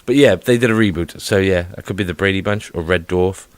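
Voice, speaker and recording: Jokey rambling Englishman, low voice. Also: a little fast, no room sound. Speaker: podcast co-host. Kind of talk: casual chat.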